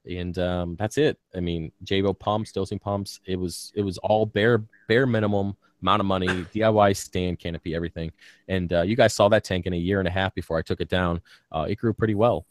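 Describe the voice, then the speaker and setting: Deep-voiced man rambling on a live stream. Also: steady tone, fairly quick, dry recording, studio quality. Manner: rambling, frequent ums and uhs, casual swearing. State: sore bitten tongue, slight lisp. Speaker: reef aquarium channel host.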